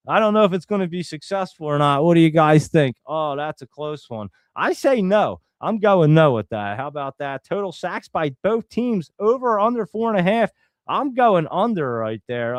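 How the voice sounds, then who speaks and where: A young man talks casually to his viewers, rambling and thinking out loud as he goes. His voice sits a little high for a man. The sound is dry and close, with no room echo. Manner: rambling, thinks aloud, addresses viewers as guys. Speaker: host. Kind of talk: casual livestream chat.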